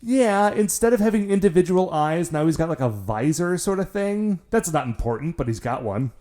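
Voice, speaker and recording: A man co-hosting a podcast, trading wry, sarcastic remarks while recapping a show. His voice is slightly high and moves around a lot in pitch. The delivery is casual chat. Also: lively intonation, normal speed, dark tone. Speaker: podcast co-host.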